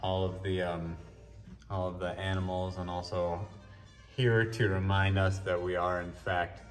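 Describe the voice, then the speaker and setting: Deep-voiced man touring his art show. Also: unhurried. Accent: mixed Australian and New Zealand. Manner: relaxed, musing, with fillers and restarts. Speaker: artist giving a gallery tour. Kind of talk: casual walk-and-talk. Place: historic house gallery, indoors. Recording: roomy and distant, faint music behind.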